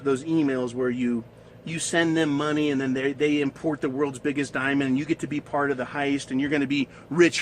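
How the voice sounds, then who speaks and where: A man's voice: mid-range voice, fairly bright tone, slight background noise, poor audio. A man ranting in a coarse, scornful monologue, swearing and laughing at his own points. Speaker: commentator.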